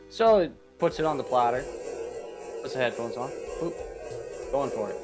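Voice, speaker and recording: A man tells a long, winding joke on a live stream. He keeps restarting and repeating himself as he builds toward the punchline. His voice sits at an average pitch. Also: expressive, normal speed, music in the background. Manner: rambling storyteller, repeats and restarts phrases. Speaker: co-host on a stream. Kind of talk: casual joke-telling.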